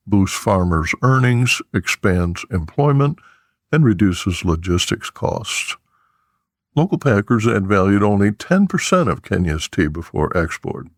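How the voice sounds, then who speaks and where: A man reads scripted news headlines in a measured, even newsreader manner. His voice sits low, and the recording is dry with no room sound. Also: creaky, no echo. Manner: measured, steady newsreader delivery. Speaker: news podcast host.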